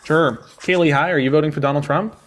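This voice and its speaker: A man's voice: fairly high pitch, fast talker, fairly bright tone. A man hosting a live-stream call-in debate, mocking and needling his guests and laughing often. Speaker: livestream debate host.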